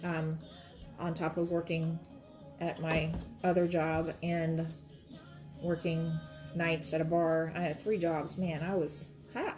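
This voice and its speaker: Chatty woman hosting a craft stream. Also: low-pitched. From Florida. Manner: rambling, chatty, talks to viewers directly. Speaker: quilting livestream host. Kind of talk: casual chat while demonstrating quilting.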